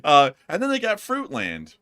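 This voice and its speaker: A man's voice: fairly high pitch, wildly swooping pitch, normal speed, sharp tone, smooth. A young man hosting a casual chat show, rambling and joking, laughing often as he talks. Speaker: show host.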